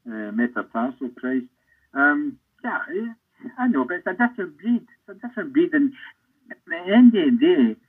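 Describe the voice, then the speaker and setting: An older Scottish man, a former footballer, telling rambling anecdotes in an interview with a husky voice. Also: mid-range voice. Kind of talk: storytelling interview. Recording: tinny phone-like line.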